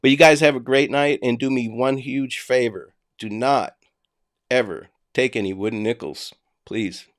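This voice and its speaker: A man's voice: mid-range voice, fairly even intonation, normal speed. Blunt, profane Boston man. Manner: blunt and profane, addresses viewers directly. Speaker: livestream host. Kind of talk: casual livestream rant. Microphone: home desk mic, voice only.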